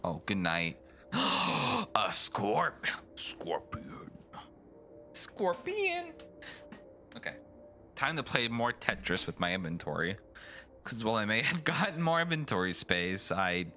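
A man streaming a video game, rambling and joking, now and then jumping into silly high voices. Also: lively intonation, measured pace, long pauses, bright, forceful tone. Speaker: gaming streamer. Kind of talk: casual let's play commentary. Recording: game music behind the voice.

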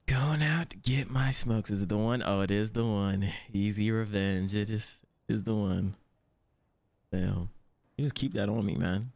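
A man's voice: lowish voice, gravelly, no room sound. A man hosting an anime reaction, talking in casual slang with frequent laughs and swearing. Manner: excitable, laughs often, heavy slang and swearing.

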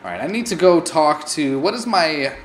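A man's voice: on the high side, lively intonation, moderate pace, slight background noise. A man hosting a let's play, narrating his gameplay with playful, mock-scared melodrama. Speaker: gaming channel host.

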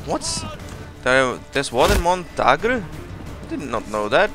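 A man hosting a let's play, giving casual commentary full of excited exclamations and rambling asides. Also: a little high, takes it slowly. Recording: commentary over loud game music. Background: game music.

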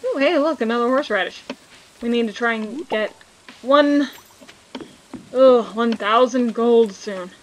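A woman's voice: fairly high pitch, measured pace, pauses often, slight background noise, low-quality recording. A woman hosting a casual let's play, chatting and joking with viewers as she plays. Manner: reads game dialogue aloud. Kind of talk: casual gameplay commentary.

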